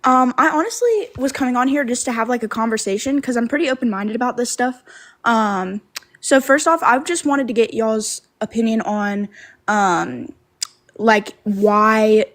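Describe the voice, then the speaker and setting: A woman's voice: fairly high pitch, normal speed. An eighteen-year-old woman calling into a livestream, speaking hesitantly with many ums. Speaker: caller. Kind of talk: casual chat.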